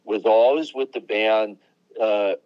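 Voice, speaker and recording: Older male guest in his seventies, low-pitched, rambling and anecdotal, on a dull dry lo-fi line. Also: takes it slowly, clear, resonant tone, no room sound. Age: 70s. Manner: rambling, anecdotal, name-dropping. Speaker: guest musician. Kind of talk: casual interview chat.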